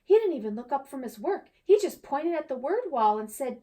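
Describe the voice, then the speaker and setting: A woman who teaches second grade, reading her own children's storybook aloud in a bright, teacherly way. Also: high voice, sing-song, fairly quick, few pauses.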